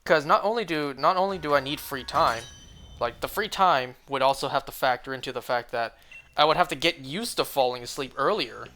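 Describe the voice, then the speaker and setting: A man's mid-range voice, pushed and bright and a little fast, comes with a slight hiss or hum in the audio. He's livestreaming a shiny hunt, chatting casually and rambling, his speech full of fillers and "like"s.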